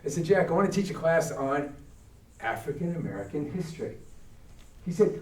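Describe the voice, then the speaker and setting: A man's voice: fairly high pitch, moderate pace, roomy sound, distant mic, rough recording. An older man from Brooklyn with a New York accent, giving a talk as a guest speaker and telling stories, acting out the other people's voices as he goes. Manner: animated, acts out the voices of people in his stories. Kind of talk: storytelling talk. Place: church hall.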